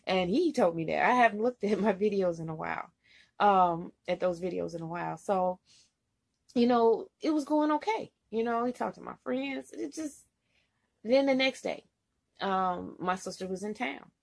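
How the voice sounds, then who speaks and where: A woman's voice: mid-range voice, lively intonation, moderate pace, gravelly. A woman truck driver vlogging casually, retelling a bad experience in a rambling, emotional way full of "you know". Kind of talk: casual storytelling vlog.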